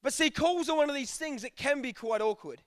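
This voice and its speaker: Speaking to a youth group, this young preacher has a very high voice and talks fairly fast. His sermon is relaxed and full of jokes and stories, with lines of dialogue acted out. The recording is dry, with clean studio sound.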